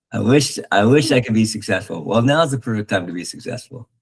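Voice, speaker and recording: A man with a low, gravelly voice and a husky edge talks through spiritual ideas. He is earnest and halting, stopping and restarting often with fillers. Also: animated, low-quality recording. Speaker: podcast host. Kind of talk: reflective spiritual talk.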